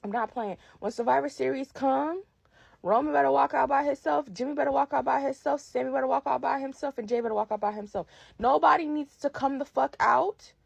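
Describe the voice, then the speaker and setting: Fired-up, gravelly woman ranting. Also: sits high, no room sound. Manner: profane, emphatic, fired-up. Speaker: podcast host. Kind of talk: heated wrestling commentary rant.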